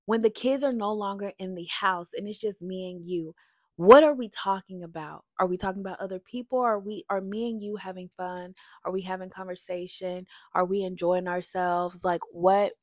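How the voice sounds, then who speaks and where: A woman giving a casual, chatty review of a reality TV episode, getting loud and animated when she is worked up. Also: fairly low pitch, moderate pace, no room sound.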